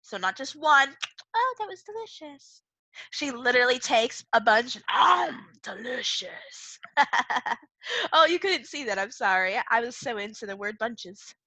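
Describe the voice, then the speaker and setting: A woman teaching a reading lesson to young children, playful and animated, often laughing as she explains. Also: fairly high pitch, moderate pace, dry recording. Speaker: second-grade teacher.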